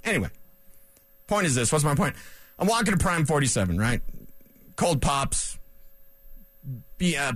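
A man's voice: medium pitch, no echo. A man hosting a sports talk radio show in a studio, ranting and cracking jokes with rambling asides. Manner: animated, wisecracking, rambling asides.

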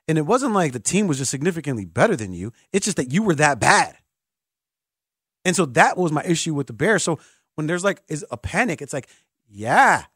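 A man's voice: fairly high pitch, no room sound, clean studio sound. A man hosting a sports talk radio show, venting as an exasperated fan with self-mocking asides.

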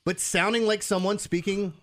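A man's voice: high-pitched, steady tone, normal speed, fairly bright tone. A man co-hosting a sports radio show, rambling and laughing in casual banter.

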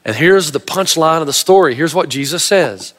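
A man preaching in a large church hall, his fairly high, bright voice carrying a long reverberant tail. He tells the story in an animated, emphatic way with casual humor. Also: normal speed. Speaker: pastor. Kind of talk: sermon.

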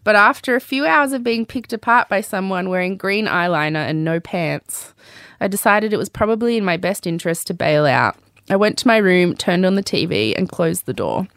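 A woman's voice: mid-range voice, expressive, normal speed, fairly bright tone, no room sound, clean studio sound. A woman with an Australian accent reading her memoir aloud, wry and candid, with joking asides.

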